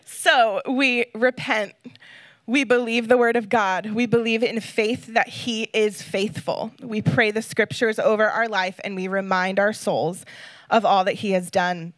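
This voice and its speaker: A woman's voice: medium pitch, fairly even intonation, a little slow, dry recording. A woman guest speaker giving an earnest, emotional sermon, reading scripture and talking casually with fillers.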